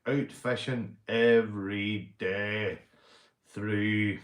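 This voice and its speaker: A man's voice: on the low side, steady tone, drawn-out words, echoey room. A Northern Irish man hosting a livestream, ranting bluntly and swearing often in casual talk to his chat. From Northern Ireland. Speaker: livestream host.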